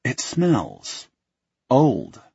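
Brief: man voicing an easygoing young nobleman, raspy and lifted in pitch, dull dry audiobook sound. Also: wildly swooping pitch, extremely slow, dark tone, no room sound, exaggerated voice.

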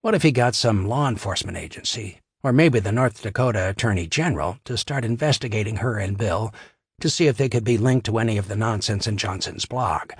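Guy reading a crime audiobook, low husky voice, bone dry close mic, steady and wry. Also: fairly quick, dry recording. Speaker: audiobook narrator. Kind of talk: scripted narration.

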